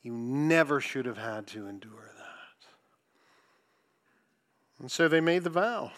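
A man preaching a sermon, reading scripture and commenting with sarcasm, swinging from loud emphasis to hushed asides. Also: medium pitch, lively intonation, slow pace.

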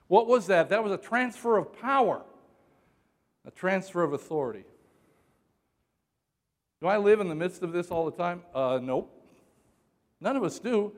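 High-voiced preacher man in a reverberant hall. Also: lively intonation, a little slow, long pauses. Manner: shouts for emphasis, jokes with congregation. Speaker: pastor. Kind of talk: sermon.

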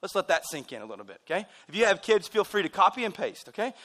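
A male pastor delivers a sermon in a wired, excitable way, full of joking asides. His voice is bright and sits a little high. He speaks in a church. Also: fast talker.

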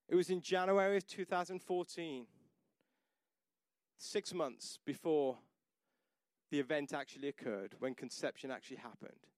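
A man's voice: a little high, no room sound, clean studio sound. A man in his thirties preaching a sermon, telling a personal story and building to emphatic declarations. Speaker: pastor.

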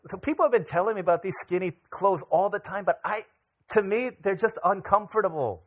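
A man's voice: high voice, brisk. A middle-aged man, a pastor, preaching a casual sermon full of personal stories, acting out the voices of the people in them. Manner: animated, acts out voices of people in his stories. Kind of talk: storytelling sermon.

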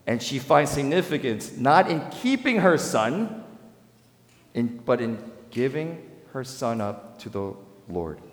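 Man, pastor, dynamic sermon, loud peaks and hushed drops, echoey church hall with long reverb. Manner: dynamic preaching with sharp swings in pitch and volume.

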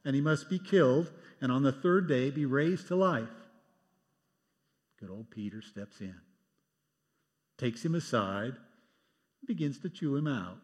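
A man's voice: mid-range voice, expressive, unhurried, pauses often, darkish tone, in a large hall. A man preaching a sermon, reading scripture aloud and acting out the quoted lines with wry asides, in a church sanctuary. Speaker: pastor.

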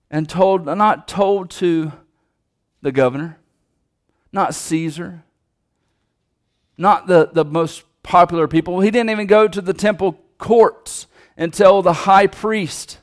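A man delivers a sermon in a relaxed, conversational way. He often restarts his sentences and turns to the congregation with asides. His voice sits somewhat high for a man. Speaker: preacher.

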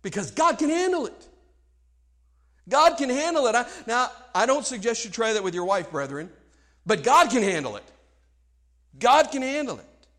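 A male preacher delivering a sermon, impassioned, swinging between hushed and loud passages and repeating words as he presses a point. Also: very high voice, big pitch swings, moderate pace, long pauses.

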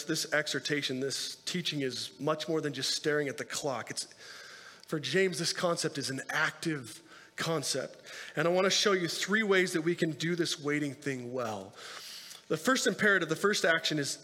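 Pastor, man, high-pitched, casual preaching style, recorded with a long reverb tail. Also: sharp tone. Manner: conversational preaching with asides and rhetorical questions. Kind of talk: sermon.

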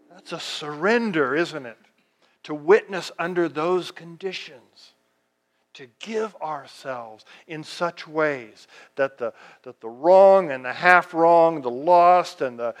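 Man, fairly high voice, pastor giving an animated sermon with many restarts. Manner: animated preaching, acts out quoted speech, frequent restarts.

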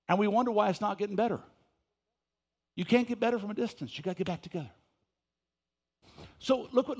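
A man preaching a sermon in church, reading scripture slowly and switching between soft folksy asides and loud emphatic points. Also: high-pitched. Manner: reads scripture slowly with stress; folksy, talks straight to the congregation. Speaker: pastor.

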